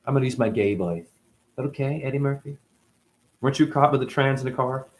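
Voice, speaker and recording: A man in his forties hosting a rambling, profane livestream talk. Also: quick pace. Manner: profane, rambling, jumpy pitch swings. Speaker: host.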